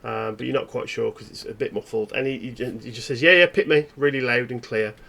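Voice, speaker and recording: A man narrating a tabletop horror game as game master, in halting, descriptive storytelling. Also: medium pitch, steady tone, gravelly, fairly bright tone.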